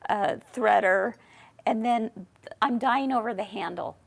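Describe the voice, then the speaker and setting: A woman hosts a live shopping broadcast, bubbly and gushing over every product. Her voice sits a little high and carries a gravelly fry. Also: unhurried. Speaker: host. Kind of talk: live shopping show chat.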